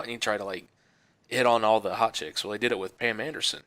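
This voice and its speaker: A man's voice: fairly low pitch, fast, no room sound. A man co-hosting a casual movie podcast, telling a story and acting out other people's lines. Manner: animated storyteller who acts out other people's voices. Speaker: podcast co-host. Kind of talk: casual chat, telling an anecdote.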